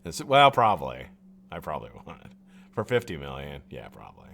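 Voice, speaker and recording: This male streamer has a very deep, creaky, slightly bright voice with huge swings in pitch, and he talks fairly quickly. Frustrated and profane, he rambles through a live rant, keeps restarting sentences, and laughs at his own jokes.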